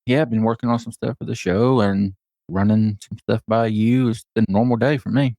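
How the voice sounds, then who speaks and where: A man co-hosting a live podcast, easygoing and relaxed as he chats. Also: fairly low pitch, fairly quick, no room sound. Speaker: podcast co-host. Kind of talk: casual live podcast chat.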